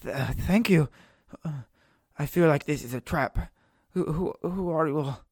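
A man's voice: a little high, normal speed, breathy edge, dry recording, clean studio sound. A man voicing a frightened, starved elven man held prisoner, pleading and stammering. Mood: shaky relief.

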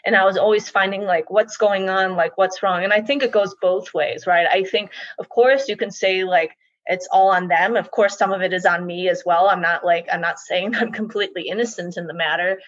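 An American woman, an interview guest, thinks aloud in a casual conversation, reflective and hesitant, restarting often and saying "like" a lot. Her mid-range voice is fairly even in intonation and fairly quick. The recording is dry, dull and slightly muffled, with no echo.

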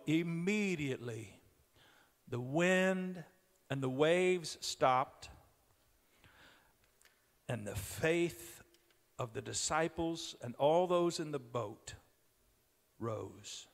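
A middle-aged man preaching a sermon as a pastor in a church, moving from storytelling to loud, emphatic preaching. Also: a little high, slow, long pauses. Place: church sanctuary. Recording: long hall reverb.

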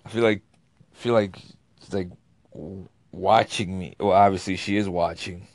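A man with a deep, low voice rambles through a casual story, swearing and backtracking as he goes. He is recorded close and dry, with almost no room sound. He talks like he's vlogging to his followers. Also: steady tone, moderate pace, a little mellow, no room sound. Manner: rambling, restarts often, curses freely, laughs at himself. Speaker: YouTube vlogger.

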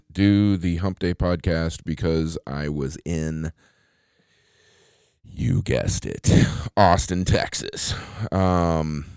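A man with a very deep voice hosts a casual solo podcast and rambles through sponsor reads with crude jokes and restarts. His pitch jumps around a lot as he talks. The sound is dry and close. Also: creaky, darkish tone, no room sound. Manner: rambling, crude jokey asides, many fillers and restarts. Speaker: podcast host.

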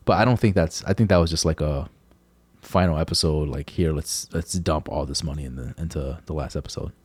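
A man's voice: extremely low pitch, fairly quick, breathy edge, no room sound. A young man co-hosting a casual chat, joking around and reading out news items. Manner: relaxed, joking, reads news items aloud. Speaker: podcast co-host.

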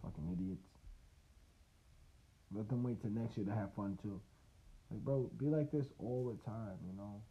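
A man's voice: fairly low pitch, moderate pace, dark tone. A man hosting a casual solo podcast, talking loosely and profanely, rambling with laughs and restarts. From United States. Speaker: podcast host. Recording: tinny phone-like line.

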